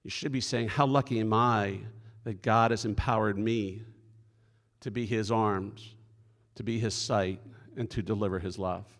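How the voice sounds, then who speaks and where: A man voicing a very old, gentle nun who teaches earnestly, in an echoey hall. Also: lowish voice, steady tone, unhurried.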